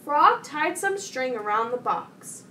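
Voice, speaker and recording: A young woman presenting a children's program reads a storybook and gives craft instructions, speaking slowly and clearly to kids. Her voice is high and bright with big pitch swings. A distant mic catches a faint hiss.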